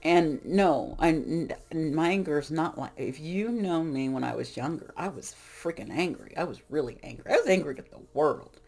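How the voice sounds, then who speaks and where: A woman's voice: deep voice, normal speed, gravelly, few pauses, darkish tone. A middle-aged woman, a tarot reader, talking casually about spiritual growth in a rambling, frank way that often breaks off and restarts. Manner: rambling, frank, self-interrupting.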